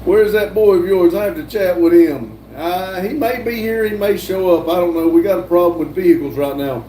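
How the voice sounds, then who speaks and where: Middle-aged man, stream host, reads chat aloud, mellow voice, fairly high pitch, distant mic in a roomy space. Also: moderate pace. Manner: reads viewer comments aloud with many uhs. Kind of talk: casual chat. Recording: echoey room, distant mic, faint noise.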